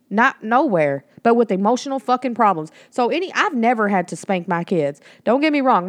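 A woman's voice: fairly high pitch, no echo, clean studio sound. A woman in her thirties hosting a podcast, talking in a blunt, emphatic way with plenty of swearing, on a home mic that picks up the room. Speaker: podcast host. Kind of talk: casual spoken monologue.

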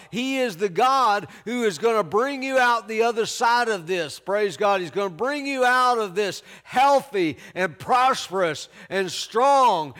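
A man preaching a sermon in a fairly high voice, taking his time over every phrase. He presses his points with repetition and sudden emphasis, breaking in again and again with "praise God". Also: fairly bright tone. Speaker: pastor. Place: church sermon delivered to a remote audience.

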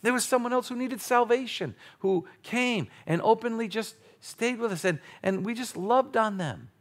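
A male pastor preaching a sermon, playful and animated, with sudden loud exclamations. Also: extremely high pitch, normal speed.

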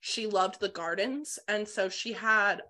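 A young woman co-hosting a casual book discussion podcast, animated and profane, laughing often. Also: medium pitch, unhurried. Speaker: podcast co-host.

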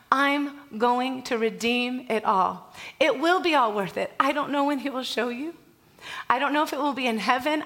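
A woman's voice: high voice, fairly bright tone. A woman preaching a sermon, telling stories in an emotive, tender way with repeated phrases. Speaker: pastor.

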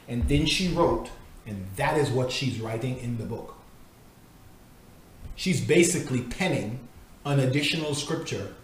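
Guy giving an earnest church-style teaching, slows way down on key words, super echoey room. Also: medium pitch. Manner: earnest, emphatic, slows down to stress points. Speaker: Christian teacher critiquing a devotional. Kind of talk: teaching talk with reading aloud.

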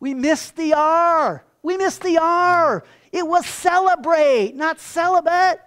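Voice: very high-pitched, slow, fairly bright tone, voice pushed up, heavily acted. A preacher voicing a distraught older male head monk who is sobbing. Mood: wailing.

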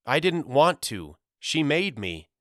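A man's voice: a little high, sing-song, takes it slowly, fairly bright tone, no room sound, studio quality, pitched above the performer's own voice, exaggerated voice. A man voicing a stubborn teenage older brother who insists earnestly, in a storybook reading. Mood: earnest insisting.

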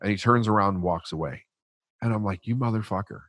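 A man's voice: fairly low pitch, brisk, fairly bright tone, no echo. A man telling a blunt, profane story in conversation as a podcast guest.

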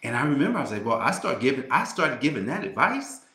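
A man delivers a faith-driven motivational monologue for his podcast, his pitch swinging widely as he builds each point. He speaks in a fervent, preacher-like rhythm, often stumbling and repeating words as he drives forward. The sound carries the reverb of a roomy space. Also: very animated, fast, bright, forceful tone. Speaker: podcast host.

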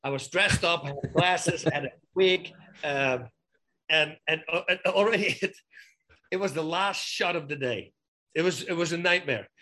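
Bright-voiced man telling lively stories. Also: a little high, moderate pace. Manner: lively anecdotes with frequent restarts and emphatic asides. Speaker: guest, former fighter turned actor. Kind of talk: casual storytelling interview.

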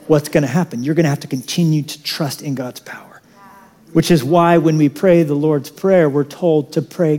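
Animated preaching man, slightly high voice. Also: normal speed. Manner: animated, conversational preaching with asides. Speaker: pastor. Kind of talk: sermon.

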